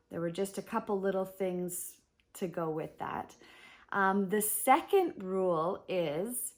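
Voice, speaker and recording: Slow, patient female English teacher. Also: medium pitch. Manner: patient, spells words out, checks in with okay. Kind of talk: online grammar lesson.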